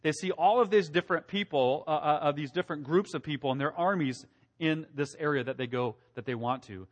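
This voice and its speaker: A man preaching a sermon, animated, asking the congregation questions and acting out quotes in a raised voice. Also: fairly high pitch, a little fast. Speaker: pastor.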